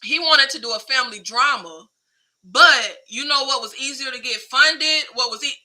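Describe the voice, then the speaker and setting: A woman hosting a film talk show in casual chat, animated and slangy. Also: sits high, normal speed, low-quality recording. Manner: animated, slangy, emphatic, laughs often. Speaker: film podcast host.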